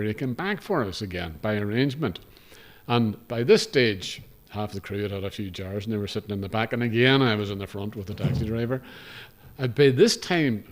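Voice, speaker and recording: An older Northern Irish man tells a story to a hotel audience in a low, unhurried voice. He wanders off into asides and poked fun at himself along the way. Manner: rambling, self-deprecating, lots of asides. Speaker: guest speaker, broadcaster. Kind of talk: humorous anecdotal talk to a live audience. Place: hotel function room with an audience.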